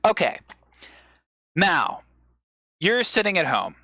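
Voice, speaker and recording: A male comedian on a live stream, giving an improvised mock lecture as a rambling explainer with sudden excited bursts. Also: high voice, slow pace, no echo.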